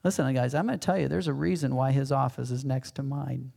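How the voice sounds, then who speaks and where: A man's voice: medium pitch, steady tone, fairly quick, gravelly, warm tone, slightly rough. A middle-aged male pastor giving a conversational sermon with self-deprecating humor.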